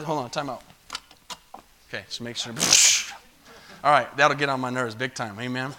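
This man's voice runs on the high side, bright and forceful, as he preaches from a church sanctuary. The pastor relates a story casually and conversationally while calling for amens.

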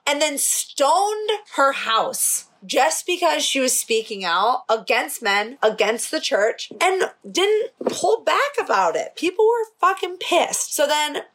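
A woman's voice: high voice, very animated, slow, hardly any pauses, a bit bright. A young woman hosting a podcast, chatting casually and swearing freely as she tells a story. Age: young adult. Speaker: podcast host. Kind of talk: casual chat.

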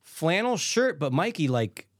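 A man's voice: on the high side, measured pace. A man in casual podcast chat, animatedly telling a rideshare story and acting out the people in it. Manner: animated storyteller, acts out quoted voices, swears casually.

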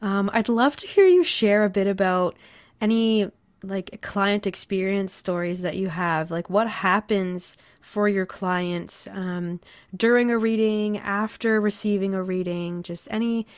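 A woman hosting a podcast, softly encouraging and affirming her guest as she asks questions. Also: medium pitch, measured pace, clear, resonant tone, no room sound. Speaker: podcast host. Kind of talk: casual podcast conversation.

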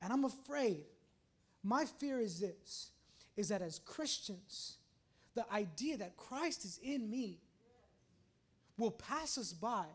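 A man in his thirties, a pastor, preaching a sermon that moves between fervent declarations and chatty, halting storytelling. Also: high-pitched.

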